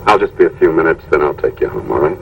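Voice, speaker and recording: An actor playing a determined cop who speaks slowly and threateningly in an old film. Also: male voice, extremely low pitch, big pitch swings, gravelly, exaggerated voice. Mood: grim. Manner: slow and threatening. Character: grim, determined middle-aged cop. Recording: old film sound, distant mic, faint noise.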